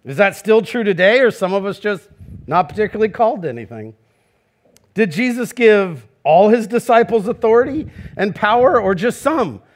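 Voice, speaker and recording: A man preaching a sermon with a fairly high voice. He talks to the congregation like a conversation, keeps asking them questions and slips into quoted voices. He sounds middle-aged. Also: lively intonation, moderate pace. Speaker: pastor.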